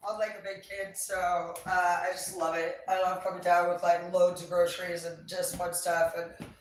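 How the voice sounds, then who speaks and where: A woman's voice: fairly low pitch, level tone, moderate pace, recorded from a distance. A woman rambles on in a loose, cheerful way, peppering her talk with swear words. She sits back from the mic, and her voice rings around a very echoey space. A faint hum of ambient noise stays under everything. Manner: chatty, profane, upbeat. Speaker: vlogger. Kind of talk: casual chat.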